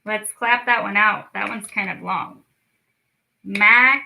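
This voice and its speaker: A young woman leading a children's lesson, stretching words out slowly and cheering the kids on. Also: medium pitch, gravelly, sharp tone, low-quality recording. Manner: slow, drawn-out words for children, encouraging. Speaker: speech clinic storytime teacher. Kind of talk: children's lesson, clapping out syllables.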